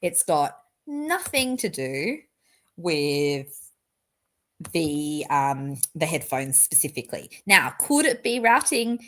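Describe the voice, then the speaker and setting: A young adult woman hosting a casual technical chat, animated and joking at her own expense. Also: low voice, takes it slowly. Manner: animated, self-mocking, jokey asides. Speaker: host.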